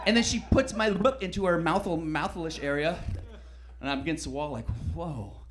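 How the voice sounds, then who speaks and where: Brash, crude stand-up man, fairly high. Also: normal speed, pauses often. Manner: brash and crude, swinging between loud bursts and mutters. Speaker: stand-up comedian. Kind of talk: stand-up routine.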